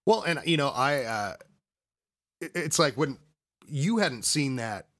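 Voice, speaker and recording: A man in casual podcast talk, hesitant and halting, often backing up mid-sentence. His voice sits at an ordinary pitch and is recorded close and dry. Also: big pitch swings, a bit bright, no echo. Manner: hesitant, full of ums and restarts. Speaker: podcast co-host. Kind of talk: casual chat. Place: home basement.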